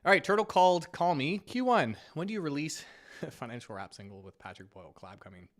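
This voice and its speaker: With a slightly high voice, lively intonation and a fast pace, a Canadian finance host chats through a casual live-stream Q&A. He's self-deprecating and talkative, his voice a little scratchy as he gets over a cold.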